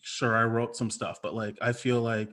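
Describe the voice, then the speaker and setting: A man's voice: mid-range voice, flat delivery, normal speed, fairly bright tone. A man talking as a comic writer on a panel, enthusiastic and rambling with lots of fillers, over a video call. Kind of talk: casual panel chat.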